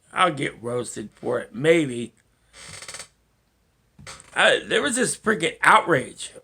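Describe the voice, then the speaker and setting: Slow-talking, animated man ranting. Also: medium pitch, gravelly, slightly rough. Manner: rambling, profane, chuckling to himself. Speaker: vlogger. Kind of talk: rambling solo monologue.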